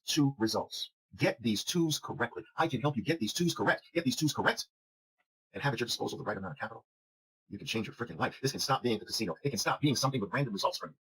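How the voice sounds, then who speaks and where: A man's voice: medium pitch, expressive, quick pace, fairly bright tone, slightly rough, poor audio. A man teaching a recorded trading lesson over charts, emphatic and hammering his points with repeated questions. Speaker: trading instructor.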